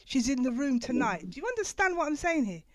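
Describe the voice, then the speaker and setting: A woman host chatting with her guests, gushing and emotional, laughing a lot and dropping to a soft, teary voice. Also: high-pitched, big pitch swings, fast talker. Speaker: show host. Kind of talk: excited live chat with guests. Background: music playing.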